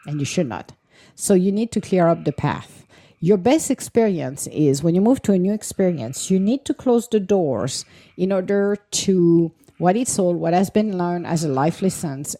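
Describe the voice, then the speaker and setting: A woman talks in a chatty, easygoing way, breaking into laughter often and playing out small quoted exchanges. Her voice is warm and mellow at a medium pitch. She repeats her advice with earnest emphasis. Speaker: astrology speaker. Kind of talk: casual spoken explanation.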